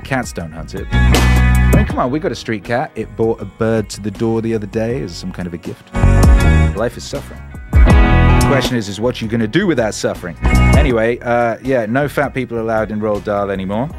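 Sarcastic ranting man over loud music. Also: mid-range voice. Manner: sarcastic, animated, swears, mimics voices. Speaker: stream host. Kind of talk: casual ranting stream talk.

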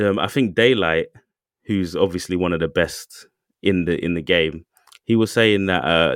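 A man's voice: low voice, no room sound, clean studio sound. A man co-hosting a podcast, telling a story loosely with lots of fillers and asides. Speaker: podcast co-host. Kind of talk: casual chat.

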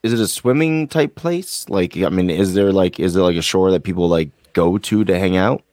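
A man's voice: deep voice, normal speed, darkish tone, dry recording. A man from the US co-hosting a casual podcast chat, teasing and playful. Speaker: co-host.

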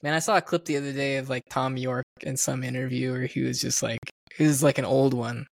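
A man talks through a movie with his co-host in loose, casual chat, full of fillers and easy laughter. His voice has a gravelly edge. The sound is dry and close, with no room around it. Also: mid-range voice, steady tone, fairly quick, no echo. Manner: chatty, laughs often, many "like" fillers. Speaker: podcast co-host. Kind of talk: casual film podcast chat.

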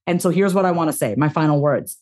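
A woman speaking as a podcast guest, giving a heartfelt motivational talk with expressive self-talk and casual swearing. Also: deep voice, quick pace.

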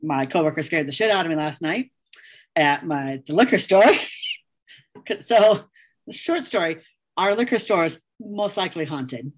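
A woman's voice: sits low, lively intonation, moderate pace. A woman co-hosting a casual podcast chat, telling a story with laughter and frequent swearing. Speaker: podcast co-host.

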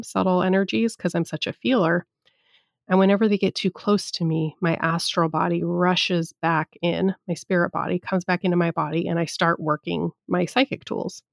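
A woman's voice: on the low side, vocal fry, no echo, clean studio sound. A woman hosting a podcast, telling personal stories in a chatty, candid way with casual swearing. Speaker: podcast host. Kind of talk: casual storytelling monologue.

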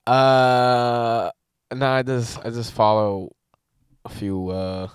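A man co-hosting a comedy podcast in casual chat, ranting in an animated, profane way. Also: medium pitch, slow pace, smooth, no room sound, clean studio sound.

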